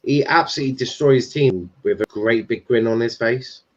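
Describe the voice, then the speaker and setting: A man's voice: medium pitch, moderate pace, highs cut off. A man hosting a live football stream, chatting casually with loose banter, swearing and restarts. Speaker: stream host.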